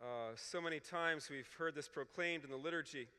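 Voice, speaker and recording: A man's voice: fairly high pitch, moderate pace, bright, forceful tone, clear, resonant tone, long reverb tail. A man giving a teaching talk to clergy, explaining scripture, reading passages aloud and checking in with "okay?". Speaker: Bible scholar speaking at a clergy retreat.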